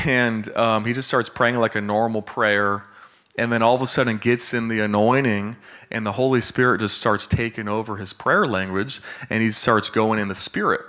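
A man preaching a relaxed sermon and talking as if to friends. His voice sits at an ordinary middle pitch, and he speaks in easy, chatty phrases with tag questions thrown in. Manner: casual and conversational, with many fillers and tag questions; gets excited and laughs while joking. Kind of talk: sermon with a story.

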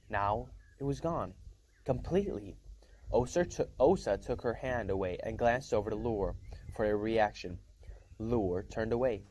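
A man's voice: lowish voice, a little slow, darkish tone, a little hiss or hum. A man reading a novel aloud in a casual first-person storytelling manner, with small slips and restarts. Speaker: reader.

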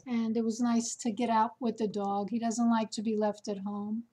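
Woman vlogger, unhurried chatty storytelling, somewhat high, soft mellow tone. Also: level tone. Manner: slow, chatty storytelling with fillers. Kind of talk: casual chat to camera.

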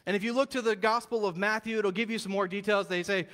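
Man preaching, high voice, casual animated storytelling, long church-hall reverb. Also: fairly quick, few pauses. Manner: animated storytelling, casual slang, acts out quotes. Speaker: pastor. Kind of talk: sermon. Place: church sanctuary.

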